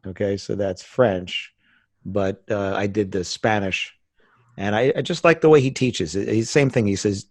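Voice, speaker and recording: A man's voice: fairly low pitch, moderate pace, no room sound. A middle-aged American man from the United States, a podcast guest chatting casually and telling stories with frequent laughs. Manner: chatty storyteller, laughs often.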